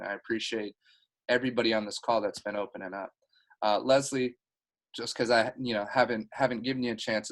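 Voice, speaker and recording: A man's voice: fairly low pitch, fairly bright tone, low-quality recording. A man leading his team's video call meeting, talking in an earnest, heartfelt and rambling way. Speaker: team leader. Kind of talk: motivational team meeting talk.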